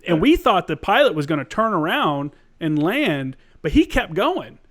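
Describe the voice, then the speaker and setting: A man's voice: high voice, big pitch swings, moderate pace, fairly bright tone. A man hosting a podcast, a former Marine telling his own story in a casual, profane way.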